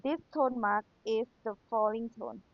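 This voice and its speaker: Slow, patient young woman teacher whose first language is Thai, reviewing for an exam on a tinny, phone-like recording. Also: on the high side, vocal fry, no echo. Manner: patient, repeats key points, checks with rhetorical questions. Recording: tinny phone-like sound, dry.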